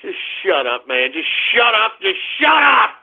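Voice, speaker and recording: A man hosting a call-in radio comedy show, ranting and shouting at callers in a cartoonishly high, strained voice. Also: very animated, normal speed, creaky. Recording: tinny phone-line sound.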